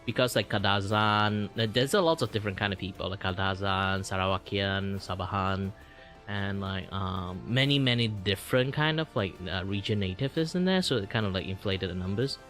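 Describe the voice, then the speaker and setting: A man's voice: lowish voice, normal speed, fairly bright tone. A man from Malaysia with a Malaysian English accent, chatting casually on a livestream as host, rambling with many fillers and the odd swear. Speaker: vtuber streamer. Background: faint background music.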